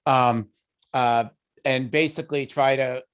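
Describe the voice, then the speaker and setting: A man's voice: medium pitch, fairly even intonation, a little slow, clean tone. Easygoing Long Island man chairing a meeting. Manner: easygoing, conversational, thinks aloud. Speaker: committee chair. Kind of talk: meeting discussion.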